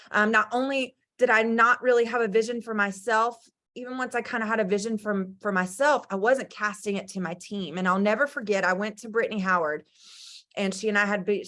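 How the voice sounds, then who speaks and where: A woman's voice: mid-range voice, fairly even intonation, brisk, a bit bright. A woman speaking on a team video call, emotional and passionate as she shares her lessons. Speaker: team leader. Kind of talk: motivational talk on a team call.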